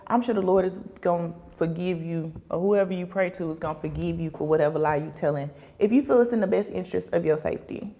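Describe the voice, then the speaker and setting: A young woman hosting a casual livestream, talking in an animated way with lots of fillers and acting out quoted voices. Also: fairly low pitch, fast, few pauses.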